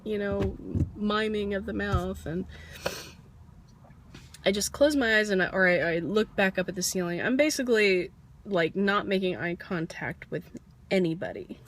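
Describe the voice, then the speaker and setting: A woman telling a candid, rambling personal story in a vlog, laughing at herself now and then, getting over a cold with an occasional cough. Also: medium pitch. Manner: candid, rambling, self-deprecating with soft laughs. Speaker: vlogger.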